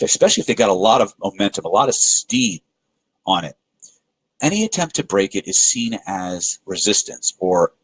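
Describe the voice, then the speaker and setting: A man's voice: fairly low pitch, husky, no echo, low-quality recording. A man presenting a live webinar on persuasion, telling stories and acting out the people in them, with frequent restarts. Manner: animated storyteller acting out quoted voices, frequent filler restarts. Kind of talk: live webinar teaching with storytelling.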